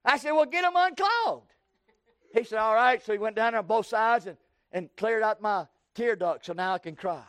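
A man preaching a sermon, folksy and repetitive, swinging from low asides to loud, pleading cries. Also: steady tone, a little fast, dry recording. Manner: folksy, repeats key words. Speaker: pastor.

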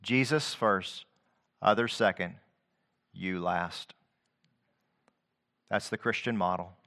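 A man preaching a sermon, quoting scripture in a rhythmic cadence and swinging from quiet low passages to loud, rising declamation. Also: slow pace.

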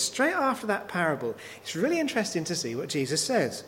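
A man's voice: high-pitched, very animated, a little fast, few pauses. A man preaching a sermon, working through scripture with repeated rhetorical questions. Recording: long hall reverb, faint noise.

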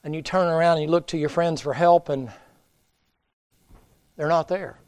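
A man preaching a folksy revival sermon in a church, his voice sitting a little high. He sinks to near whispers on somber points and then rises sharply to loud emphasis. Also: fairly even intonation, moderate pace. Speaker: pastor.

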